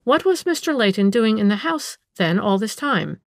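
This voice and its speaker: A woman's voice: medium pitch, big pitch swings, normal speed, gravelly, dry recording. A woman voicing a wary aunt in a storybook reading, asking dry, questioning remarks. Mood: suspicious.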